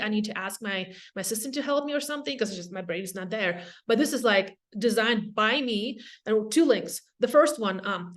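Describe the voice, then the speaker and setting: A woman from Russia with a Russian accent, giving a casual, energetic webinar talk on real estate, with quick asides to the audience. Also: fairly high pitch. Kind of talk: casual presentation.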